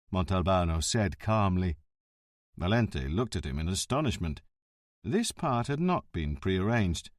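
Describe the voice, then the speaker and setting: A man narrating a crime novel audiobook in an expressive reading. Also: deep voice, measured pace, dry recording, studio quality. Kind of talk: scripted narration.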